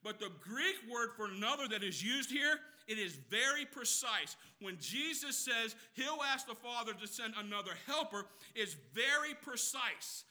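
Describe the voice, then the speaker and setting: A man preaching a sermon with passion, swinging between loud shouted emphasis and quiet teaching, repeating phrases for effect. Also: very high-pitched, expressive, moderate pace, few pauses. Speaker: pastor.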